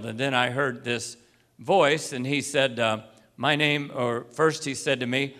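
A man delivers an unscripted sermon in a mid-pitched voice, spinning folksy stories and slipping into the voices of the people he quotes. He clears his throat every so often. The sound rings out with long reverb through a large church hall. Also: steady tone, measured pace, fairly bright tone. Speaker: preacher.

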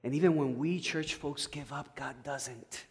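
Storytelling pastor in an echoey church. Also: male voice, a little high, unhurried. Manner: conversational, stammering restarts, swings from loud to hushed. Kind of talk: sermon with personal storytelling.

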